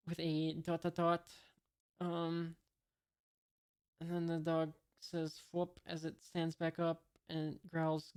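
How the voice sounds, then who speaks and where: A woman reading a comic aloud in a casual way, pausing often with filler sounds and adding dry asides. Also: on the low side, a little mellow, smooth. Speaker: manga reader and commentator. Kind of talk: casual read-through with commentary.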